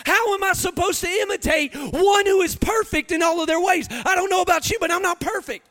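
A man in his thirties with a drawl preaches a confessional sermon at a brisk clip. His very high voice rings bright and forceful, swelling into loud, half-sung emphasis as he presses each point.

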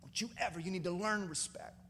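A man's voice: sits high, fast, creaky, bright, forceful tone, in a large hall, a little hiss or hum, heavily acted. A male pastor voicing a blunt, outspoken male barber who insists on speaking his mind. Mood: stern.

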